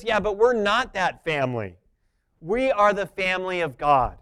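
A man preaching a sermon, moving between soft, intimate asides and loud, emphatic points. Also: high voice, big pitch swings, moderate pace, smooth. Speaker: pastor.

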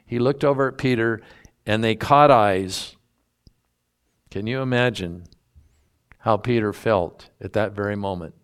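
A man's voice: fairly low pitch, a little slow, pauses often, clean tone. A man preaching a sermon, teaching through a Bible passage in a folksy, emphatic way and drawing out key words. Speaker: pastor.

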